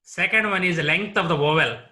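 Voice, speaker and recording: A man with an Indian English accent, teaching a lecture on word stress and repeating each example word slowly. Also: fairly high pitch, bright, forceful tone. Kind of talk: slow explanatory lecture.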